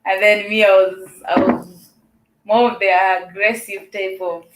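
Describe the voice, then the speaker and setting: A woman from Kenya, an actress being interviewed, answering softly and hesitantly with many fillers. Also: medium pitch, steady tone, unhurried, reverberant, low-quality recording. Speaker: actress, guest. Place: studio.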